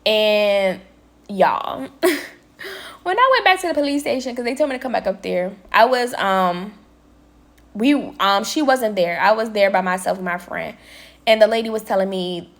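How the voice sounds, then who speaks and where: A young woman vlogger telling a story in casual chat, talking straight to her viewers and quoting people in lively voices. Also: medium pitch, a little slow. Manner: chatty, addresses viewers as y'all, quotes people with lively voices. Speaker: vlogger and nail tech.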